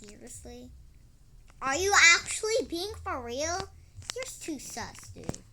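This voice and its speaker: Giggling and dramatic, easily startled, a young girl casually narrates a role-play game of her own making and chats with a duck inside it. She speaks slowly in a high-pitched voice that swings widely in pitch, over some background noise.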